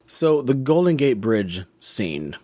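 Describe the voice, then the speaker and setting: Speaking slowly in a mellow, sing-song medium-pitched voice, this man co-hosts a podcast and muses critically over a film's scenes, frequently fixing his words mid-sentence. The studio recording is clean, with no room sound.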